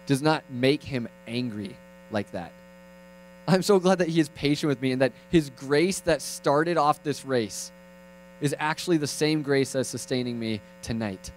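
Animated young male preacher. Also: on the high side, unhurried, slight background noise, poor audio. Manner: animated, swings from loud to hushed, playful asides. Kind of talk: sermon.

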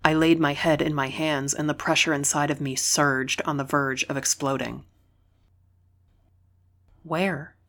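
Low-voiced woman narrating a novel. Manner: calm, measured and reflective. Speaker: audiobook narrator. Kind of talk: first-person novel narration.

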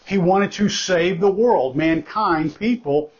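A man's voice: high-pitched, takes it slowly. A man preaching a sermon as pastor, emphatic and conversational, repeating key phrases for stress and breaking off into asides. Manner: conversational, with asides and self-corrections. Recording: dull lo-fi recording.

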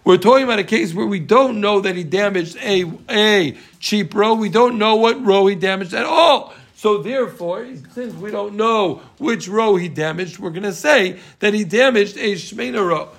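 A man teaching a Talmud class, animated and emphatic, repeating his points and teasing his students. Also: high voice, normal speed, hardly any pauses.

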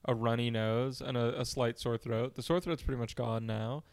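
Podcast co-host: congested, anxious New man, smooth resonant voice, talks in loose rambles. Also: medium pitch, fairly even intonation, moderate pace, darkish tone. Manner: rambling, anxious, self-deprecating. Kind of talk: casual chat. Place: room at home.

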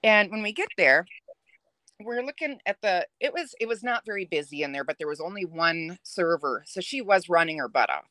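A young adult woman telling a dating story on a podcast in a chatty, lively way. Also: fairly low pitch, moderate pace, no room sound. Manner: chatty, animated, laughs while telling. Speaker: podcast guest. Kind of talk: casual storytelling.

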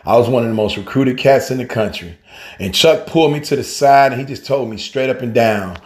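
A middle-aged man, appearing as a guest speaker, delivers a heartfelt spoken tribute in casual slang, calling the listener family and man. His voice is medium-pitched and brisk. He tells stories with animation but softens when grieving.

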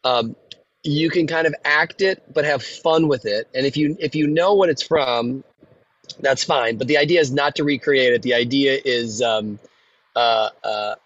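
A man's voice: mid-range voice, no echo. Rambling male host, dull dry sound. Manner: warm-hearted, rambling with many restarts and fillers. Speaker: podcast host. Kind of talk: casual interview chat.

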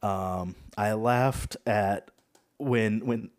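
A man hosting a casual podcast chat, talking in a relaxed, hesitant way with many fillers and frequent laughs. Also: fairly low pitch, extremely slow. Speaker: podcast host.

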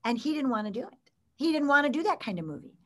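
A woman's voice: high-pitched, sing-song, fast talker. A middle-aged woman telling a personal story as a podcast guest, acting out the quoted lines with animation.

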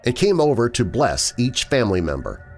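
A man narrating a scripted horror story in a lively, swooping delivery. His voice sits in a middle register and tells the tale dramatically. Faint music plays underneath. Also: medium pitch, normal speed. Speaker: podcast host and narrator. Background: faint background music.

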